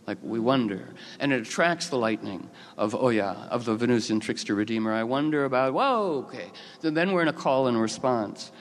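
A man telling rambling, expressive stories, with many fillers and restarts. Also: mid-range voice, normal speed, hardly any pauses. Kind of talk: casual storytelling talk. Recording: long hall reverb.

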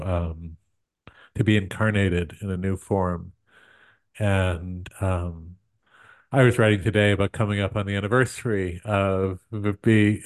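Low-voiced thoughtful man. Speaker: group participant. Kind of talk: reflective sharing in a group call.

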